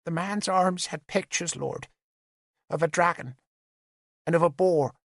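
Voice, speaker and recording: A man voicing a frightened nine-year-old peasant girl who speaks in a small, quiet voice. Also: on the high side, a little slow, creaky, no echo, studio quality, voice pushed up. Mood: tearful. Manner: small, quiet, rehearsed speech.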